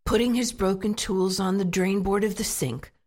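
A woman reading a children's storybook aloud in an expressive, lively way. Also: medium pitch, moderate pace. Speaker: narrator.

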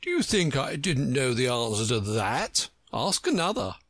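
A man voicing a pompous, touchy egg-shaped man in a storybook reading, drawling slowly and huffily. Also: mid-range voice, sing-song, fairly bright tone, dry recording, clean studio sound. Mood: haughty. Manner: pompous, slow and huffy.

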